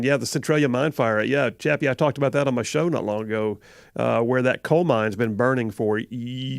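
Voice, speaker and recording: A man's voice: medium pitch, gravelly, no echo, studio quality. A middle-aged man with a Southern accent hosting a live call-in radio show, rambling and chuckling as he corrects himself. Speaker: radio talk show host. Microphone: studio microphone.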